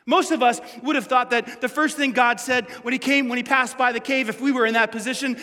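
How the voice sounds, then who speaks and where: A male pastor giving an animated, conversational sermon with playful asides, speaking in a church hall. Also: very high voice, a little fast. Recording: echoey hall.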